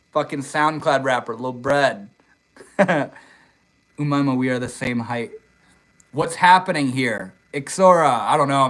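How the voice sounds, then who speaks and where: A young man hosting a casual live stream, reading viewer comments aloud in a relaxed, swear-heavy way. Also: mid-range voice, rough recording. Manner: laid-back, swears casually, says dude and bro a lot. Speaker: livestream host. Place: outdoors in the desert.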